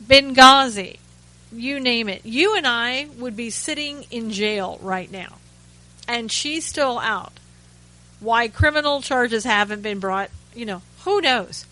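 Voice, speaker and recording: This radio host speaks slowly in a bright, forward, rather high voice with lively intonation, delivering chatty, sarcastic commentary. She keeps restarting sentences and tossing in wry asides, all captured on poor audio.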